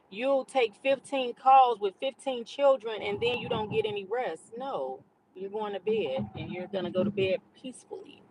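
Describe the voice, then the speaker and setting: A middle-aged woman chatting candidly while driving her car, venting loudly at other drivers and talking about her day. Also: mid-range voice, animated, moderate pace, a little hiss or hum, poor audio. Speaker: vlogger. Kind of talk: casual chat while driving.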